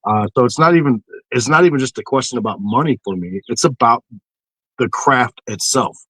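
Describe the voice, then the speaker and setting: In a casual podcast chat, a man tells stories profanely and with great animation, swearing freely and acting out mocking inner voices. His voice is medium-pitched, brisk and husky. The recording is rough, with no room sound.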